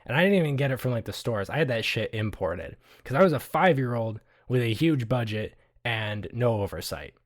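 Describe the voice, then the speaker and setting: A young man running a tabletop game, loose and profane, slipping into in-character asides and laughing at his own names. Relaxed, conversational narration at a middling pitch. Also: brisk, hardly any pauses. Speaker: game master.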